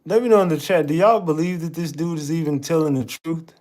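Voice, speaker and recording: A man's voice: fairly high pitch, quick pace, darkish tone. A man hosting a reaction show in a casual, slangy way, calling on his chat to weigh in.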